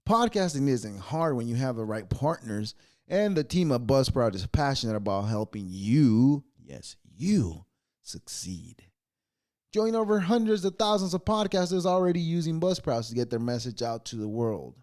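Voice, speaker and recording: A man's voice: medium pitch, expressive, normal speed, a little mellow. A man hosting a solo podcast, reading ad and holiday copy aloud, stumbling over words, laughing at himself and swearing offhand. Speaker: podcast host.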